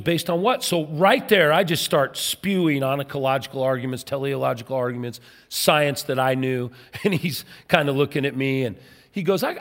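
A middle-aged pastor preaches from the stage, spinning a personal story with lively, animated delivery and acting out each voice he quotes. His voice sits a little high for a man. The sound rings with the long reverb of a large church hall. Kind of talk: sermon storytelling.

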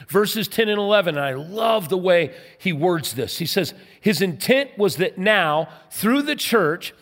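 A man preaching a sermon as pastor, emphatic, asking rhetorical questions and letting his voice drop soft at the ends of phrases. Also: high voice, animated, a little slow, hardly any pauses. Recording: long hall reverb.

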